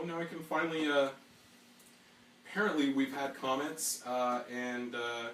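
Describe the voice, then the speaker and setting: A man hosts a relaxed live podcast stream and chats about viewer comments. His voice sits in a middle pitch. It carries the echo of a room and the distance of a mic set back from him. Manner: slides into a fast auctioneer patter as a joke. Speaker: podcast host. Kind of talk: casual live-stream chat. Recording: echoey room, mic at a distance, faint hum.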